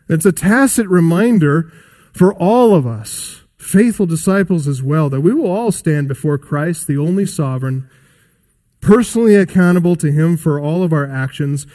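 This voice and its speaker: A man preaching a sermon, emphatic, rising and dropping in pitch and loudness, and putting rhetorical questions to his listeners. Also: lively intonation, normal speed. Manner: asks the congregation rhetorical questions.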